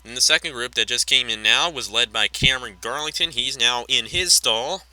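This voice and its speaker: A man calling a race play-by-play, quick and chatty, often correcting himself mid-sentence and wandering into offhand asides. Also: mid-range voice, pushed and bright, poor audio. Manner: rapid call with self-corrections and chatty asides. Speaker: race commentator.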